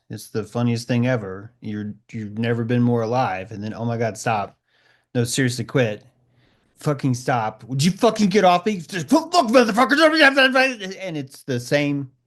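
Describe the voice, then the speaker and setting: A man's voice: medium pitch, darkish tone. A man in a casual group discussion, talking intensely with lots of swearing and acting out quoted voices. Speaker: discussion participant.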